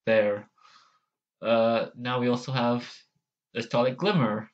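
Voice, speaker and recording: Slow, hesitant man apologizing for his impressions. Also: mid-range voice, fairly even intonation, muffled recording. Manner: apologetic and self-deprecating, hesitant. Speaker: channel host. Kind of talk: casual voice-impression vlog.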